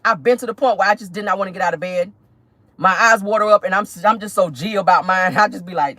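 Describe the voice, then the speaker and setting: Woman commentary vlogger with a husky tone and an animated delivery; emphatic, preachy, and profane. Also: mid-range voice, quick pace, dry recording. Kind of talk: casual pop-culture commentary.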